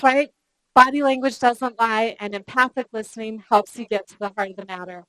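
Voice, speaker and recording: A woman's voice: fairly high pitch, brisk, no room sound, rough recording. A middle-aged woman running a live customer service training workshop, telling stories and asking the room questions. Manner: lively storytelling, asks the room questions.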